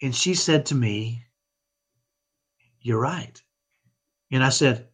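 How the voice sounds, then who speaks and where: Earnest husky-voiced man coaching parents. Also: medium pitch, slow pace, pauses often, a bit bright. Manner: earnest, tags points with "right?". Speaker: podcast guest, parenting coach. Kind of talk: motivational parenting talk.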